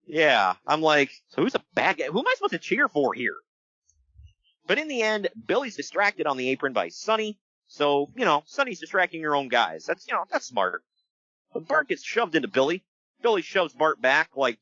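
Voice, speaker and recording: Jokey male podcast co-host, lively and bright, dull dry close mic. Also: fairly high pitch, no echo. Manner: animated, jokey, does quick voices for quotes. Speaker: podcast co-host recapping wrestling. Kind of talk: casual chat. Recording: dull lo-fi sound.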